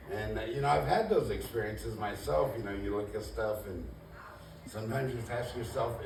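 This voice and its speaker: A man's voice: mid-range voice, brisk, vocal fry, crowd noise. A man doing a laid-back, rambling stand-up set in a comedy club, self-deprecating and full of "you know". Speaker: first-time stand-up comedian. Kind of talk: stand-up routine. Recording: echoey club room, mic at a distance, noisy.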